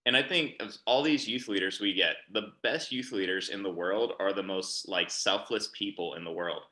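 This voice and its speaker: A man's voice: deep voice, normal speed, bright, forceful tone. A man co-hosting a casual chat, talking earnestly and urgently and repeating phrases for emphasis. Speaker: youth ministry podcast co-host. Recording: echoey room sound.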